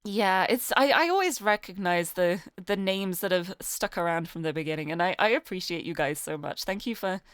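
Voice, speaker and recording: A woman's voice: fairly low pitch, expressive, moderate pace, hardly any pauses, fairly bright tone, smooth, no echo, studio quality. A young British woman streaming a game, chatting with viewers and reading the story aloud. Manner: chatty, giggly, greets chat.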